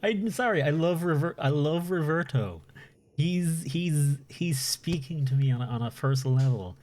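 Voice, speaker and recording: A man's voice: fairly high pitch, moderate pace, darkish tone. A man with an Irish accent chatting casually on a live stream while gaming, rambling and often restarting his sentences. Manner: rambling, restarts and corrects himself.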